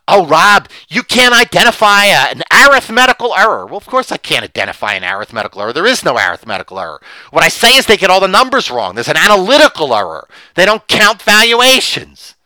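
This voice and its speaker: A man talks on his own in an impassioned, sarcastic monologue, hammering his points and repeating phrases. His voice is bright and a bit high, and it rises and falls a lot. The sound is dry and close. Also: no echo, low-quality recording. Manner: repetitive, sarcastic, emphatic. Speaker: commentator.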